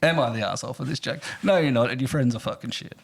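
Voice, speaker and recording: A man's voice: medium pitch, rapid-fire, gravelly, slightly rough. A man co-hosting a casual podcast, reading a listener's story aloud and laughing often as he goes. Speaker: podcast co-host.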